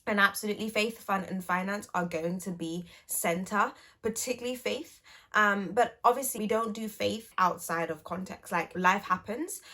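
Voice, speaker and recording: A woman's voice: fairly low pitch, fairly bright tone. Chatty young woman vlogger. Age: 20s. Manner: chatty, playful and self-teasing, with light laughs. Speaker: YouTuber and speech and language therapist. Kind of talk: casual vlog catch-up to camera.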